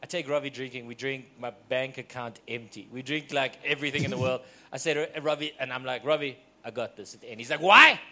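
A man's voice: medium pitch, fairly even intonation, quick pace, hardly any pauses, a bit bright. A man hosting a comedy podcast in casual chat, teasing his guest and telling stories with laughs. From Scottish heritage. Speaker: podcast host.

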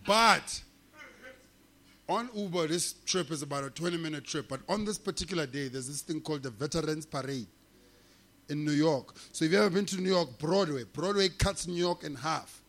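High-voiced man telling a story. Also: fairly quick. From South Africa. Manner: animated, profane, laughing often. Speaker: comedian guest. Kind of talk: comic storytelling in casual chat.

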